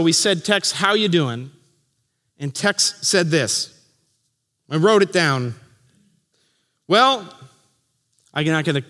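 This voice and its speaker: A man preaching a sermon as pastor, slow and earnest, letting his voice drop soft at the ends of phrases. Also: a little high, big-room sound. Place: church chapel.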